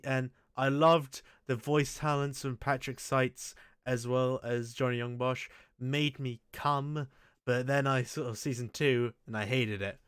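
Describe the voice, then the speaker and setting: A man's voice: medium pitch, fairly bright tone, clean tone, dry recording, clean studio sound. A man hosting a casual chat, rambling and crude with frequent restarts. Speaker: show host. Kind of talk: casual chat ranking anime.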